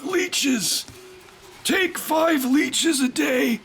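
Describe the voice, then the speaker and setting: A man voicing a pompous old television doctor in a loud, squeaky, mock-dramatic voice. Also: very slow, creaky, full character voice. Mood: mock-grave.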